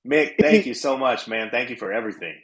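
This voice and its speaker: A man's voice: mid-range voice, a little fast, crowd noise. A man hosting a podcast, thanking his guest with an enthusiastic, promotional push. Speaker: podcast host. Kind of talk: casual podcast chat.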